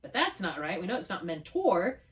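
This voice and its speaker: A woman's voice: fairly low pitch, very animated, fast, bright, forceful tone, far from the mic. A woman tutoring one student in spelling, patiently thinking aloud through each step. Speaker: reading tutor.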